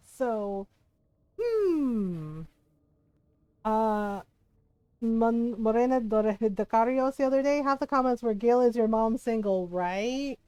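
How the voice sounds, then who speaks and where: A woman streaming a video game, chatting casually in an animated, gushing way, laughing often and swearing freely. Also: a little high, slow, no room sound, rough recording.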